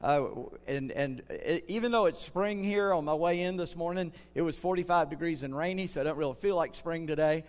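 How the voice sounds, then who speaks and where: An older man from the United States, preaching a sermon as pastor in an earnest way, slowing down to stress key words. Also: fairly high pitch, clean tone. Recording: long hall reverb.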